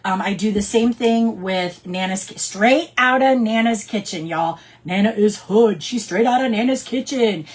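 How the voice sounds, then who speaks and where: Chatty woman with a breathy voice. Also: mid-range voice, unhurried, few pauses. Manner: chatty, animated storytelling. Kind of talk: casual teaching talk.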